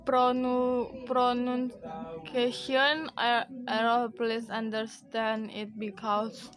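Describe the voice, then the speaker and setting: A woman's voice: a little high, takes it slowly, low-quality recording. A woman who is not a native English speaker gives a class presentation, reading hesitantly and restarting words. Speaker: student presenter.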